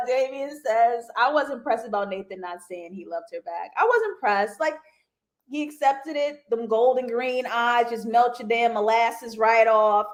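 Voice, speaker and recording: A young woman hosting a live TV review show, chatting casually to viewers with slangy asides and frequent laughter. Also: a little high.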